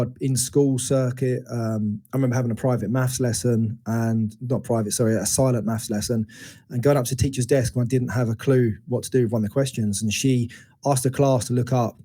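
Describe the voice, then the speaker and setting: A man's voice: medium pitch, dark tone. A man in his forties, a guest on an interview podcast, telling a painful personal story frankly and thoughtfully, often restarting his sentences. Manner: reflective, frank, with many restarts and acted quotes. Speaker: guest, men's educator.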